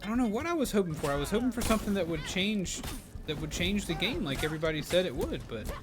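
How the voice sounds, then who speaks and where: A man's voice: high-pitched, very animated, quick pace. A man streaming live as he plays a game, chatting casually in a rambling, musing way, with hedges and bits of dry sarcasm. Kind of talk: casual chat while playing a game. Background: game music.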